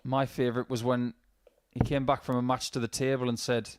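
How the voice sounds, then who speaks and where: A man's voice: medium pitch, little pitch movement, fairly quick, clear, resonant tone, dry recording. Give me a man doing analytical live darts commentary, recorded close and dry. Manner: analytical, explains throwing technique at length.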